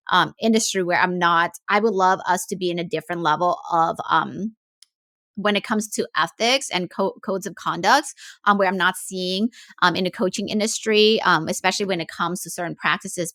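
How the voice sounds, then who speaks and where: A woman coach talks her listeners through their feelings in a loose, conversational way. She pauses often, with fillers and restarts as she thinks aloud. Her voice sits at a middle pitch, recorded close and dry with no room sound. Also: a bit bright, no echo. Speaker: life coach, podcast host. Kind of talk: casual coaching talk.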